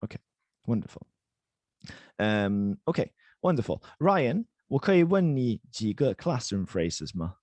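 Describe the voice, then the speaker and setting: A man's voice: medium pitch, big pitch swings, a little slow, darkish tone, no echo. A man teaching a Mandarin lesson over a video call, encouraging and switching between English and Chinese. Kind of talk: online language lesson.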